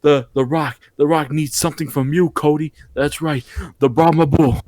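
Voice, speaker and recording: A man's voice: steady tone, moderate pace, darkish tone, no echo, close to an everyday voice. A man doing a playful impression of a boastful male wrestling superstar who keeps repeating the name of the person he is talking to. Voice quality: booming, repeats the listener's name.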